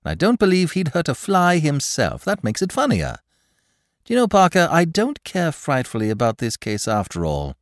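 A man's voice: fairly high pitch, wildly swooping pitch, normal speed, no room sound, pitched above the performer's own voice. Man doing flippant aristocrat sleuth, raised voice, bouncy delivery, theatrical, dry studio sound. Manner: breezy, theatrical, whimsical.

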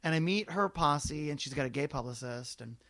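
A man's voice: a little high, animated, brisk, fairly bright tone. A middle-aged man telling a long story in casual podcast chat, acting out the voices of the people in it.

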